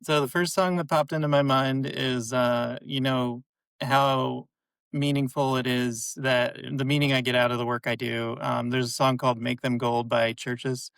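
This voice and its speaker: A man, a clinical psychologist, answering interview questions in a calm, measured, instructive way. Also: medium pitch, creaky, clear, resonant tone, dry recording, rough recording.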